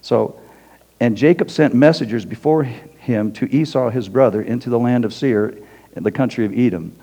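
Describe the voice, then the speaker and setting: A male preacher talks his congregation through a scripture passage in an easygoing, chatty manner, often tagging his sentences with "okay?". His voice sounds dark and mellow, and it carries a long reverb from a large hall. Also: mid-range voice, moderate pace. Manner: conversational, tags lines with "okay?". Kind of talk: sermon.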